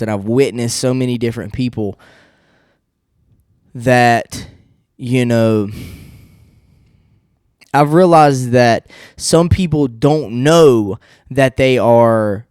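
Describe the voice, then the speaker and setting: A man's voice: mid-range voice, darkish tone, clear, resonant tone, dry recording, studio quality. A man hosting a podcast solo, ranting bluntly and rambling, swearing constantly and laughing at his own remarks. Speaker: podcast host. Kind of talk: profane solo podcast rant.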